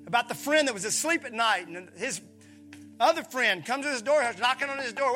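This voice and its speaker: A pastor from preaching a sermon, animated, acting out voices and calling on his listeners. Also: very high voice, a little fast, faint music behind. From Mississippi, USA. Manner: animated, acts out voices, calls on the congregation.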